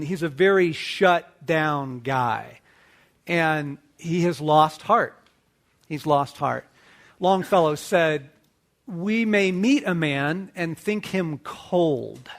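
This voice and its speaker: A middle-aged man hosting a talk to men, telling a movie story with lively acted-out dialogue. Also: a little high. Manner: animated storyteller acting out dialogue. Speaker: host. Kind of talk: casual teaching talk to men.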